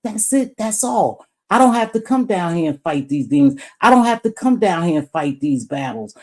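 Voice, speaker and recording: A woman's voice: medium pitch, big pitch swings, normal speed, hardly any pauses, darkish tone. Blunt woman ranting on a live stream. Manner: blunt, preachy, swears freely. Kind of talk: heated live-stream rant.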